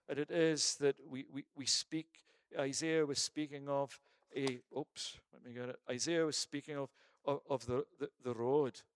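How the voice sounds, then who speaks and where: A man preaching a sermon with fervent intensity, swinging from loud appeals to hushed reflection and stumbling now and then over verse numbers. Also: mid-range voice, dry recording, studio quality.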